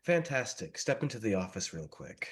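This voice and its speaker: A man's voice: lowish voice, very animated, normal speed. A man voicing a suave, sinister male vampire doctor in a mocking, menacing tone. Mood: smooth.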